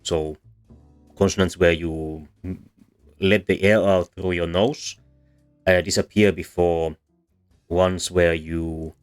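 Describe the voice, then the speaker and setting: A man's voice: sits low, fairly even intonation, slow pace, pauses often, faint music behind. A man explaining a lesson in voice-over, hesitant and full of fillers and restarts. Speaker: language history explainer.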